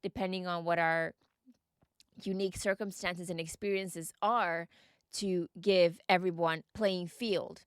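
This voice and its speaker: Earnest woman host, smooth dry voice. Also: lowish voice, steady tone, a little slow, no echo. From United States. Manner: earnest, encouraging, asks the listener questions. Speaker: podcast host and mindset coach. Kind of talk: reflective podcast monologue.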